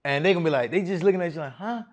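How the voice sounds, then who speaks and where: Male speaker, middle-aged, slightly high voice, preacherly seminar coach who quizzes the room. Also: very fast. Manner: animated, preacherly, quizzing the crowd with questions. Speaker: masterclass speaker on federal contracting. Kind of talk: live seminar talk to an audience.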